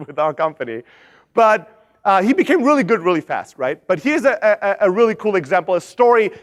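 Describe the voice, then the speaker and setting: A young man speaking at a conference, telling a lively sales story, swearing freely and acting out the other people's lines. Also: high voice. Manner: animated, swears, acts out quoted voices. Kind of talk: energetic storytelling talk. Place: conference stage.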